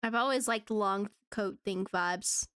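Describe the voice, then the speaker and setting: A woman's voice: mid-range voice, takes it slowly, fairly bright tone, clear, resonant tone, no echo, studio quality. A woman streaming live in casual chat, giggling often and rambling with restarts.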